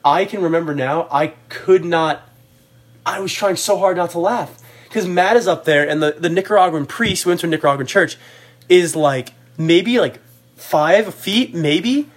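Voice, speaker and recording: A young man with a somewhat high voice tells a rambling, animated story with many fillers. He talks casually, as a podcast co-host. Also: normal speed.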